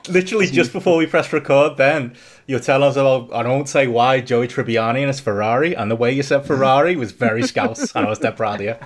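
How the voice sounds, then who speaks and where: A man hosting a podcast, chatting casually with his guests and teasing them. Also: medium pitch. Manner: quick, teasing. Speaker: podcast host. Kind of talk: casual chat.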